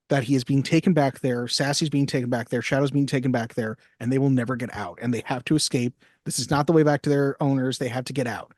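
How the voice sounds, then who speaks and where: A podcast co-host recapping a film in a casual, animated chat, swearing often. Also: medium pitch, no echo, studio quality.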